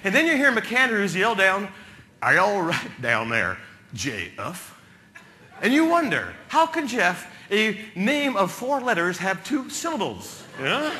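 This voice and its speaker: Male keynote speaker, comic storyteller, highish lively voice, light background noise. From New Jersey. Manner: animated, comic storytelling with sudden loud bursts.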